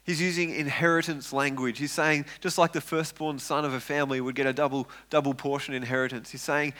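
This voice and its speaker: A man preaching a sermon, retelling a story with lively acted-out quotes and frequent repeated words. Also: mid-range voice, brisk, few pauses. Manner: animated, acts out quoted voices, repeats words when excited.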